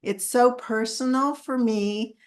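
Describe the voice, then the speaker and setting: A woman's voice: a little high, slow. A woman in a casual meeting conversation, telling a personal story in a reflective way.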